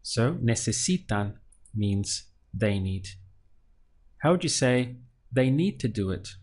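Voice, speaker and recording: A man teaching a Spanish lesson. He asks the listener a question, pauses, then gives the answer. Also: mid-range voice, very animated, a little mellow. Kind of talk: slow, patient language lesson with drills.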